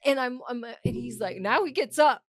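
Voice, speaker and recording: A woman co-hosting a casual podcast, telling a story with lively energy and frequent swearing. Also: on the high side, brisk, dry recording, clean studio sound, faint music behind. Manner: animated storytelling, swears often. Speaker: podcast co-host. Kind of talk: casual chat.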